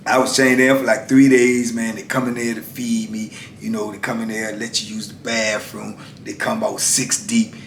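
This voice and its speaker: Storyteller: middle-aged man, animated and slangy, echoey room, faint rumble. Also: normal speed, creaky, few pauses. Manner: animated, acts out shouted exchanges, slangy and emphatic. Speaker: former prisoner telling his story. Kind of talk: casual storytelling.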